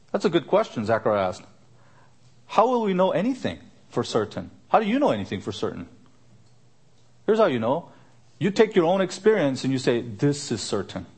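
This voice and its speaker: A man preaching an earnest expository sermon. His pitch sits in the middle for a man, and his voice climbs when he drives a point home. He often asks the same question again with a new stress. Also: husky. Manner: earnest, rising pitch for emphasis, repeats questions. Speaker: pastor.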